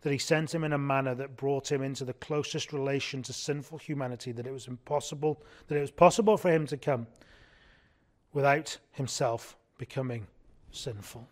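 A man's voice: medium pitch, brisk. A man preaching a sermon in an earnest way, often asking his congregation rhetorical questions.

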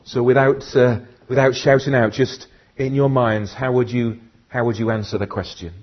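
A preacher delivering an earnest sermon to a congregation. He often says "uh" and repeats words, then slows and softens as he reads scripture aloud. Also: medium pitch, level tone, dull audio. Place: church.

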